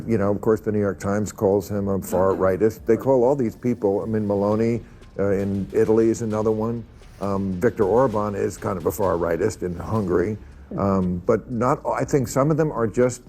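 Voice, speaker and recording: Low-voiced male talk show host. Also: darkish tone, slight background noise. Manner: conversational with fillers and wry asides. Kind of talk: casual chat.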